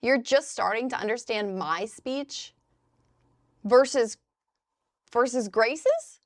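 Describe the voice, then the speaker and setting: Speaking slowly in a slightly high voice, this young woman from the Midwest chats loosely with her stream's live chat, swearing here and there. The recording is dry with clean studio sound, and she sits indoors at a crafting desk.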